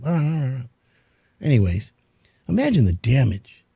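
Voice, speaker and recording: A man's voice: on the low side, moderate pace, vocal fry, long pauses, dark tone, slightly rough, no echo. A male radio host talking casually on air, telling jokey stories and taking listener questions from a studio. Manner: chatty, storytelling, jokey. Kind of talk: casual talk radio chat.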